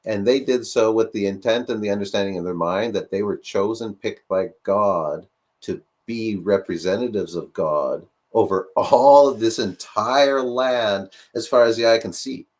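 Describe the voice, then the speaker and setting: Animated man firing rhetorical questions. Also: on the low side, normal speed. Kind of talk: casual discussion.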